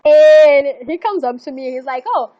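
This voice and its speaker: A young woman live streaming, telling a long story in a rambling, animated way, full of fillers and swearing. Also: high-pitched, measured pace. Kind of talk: casual storytelling chat. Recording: slightly muffled lo-fi stream audio.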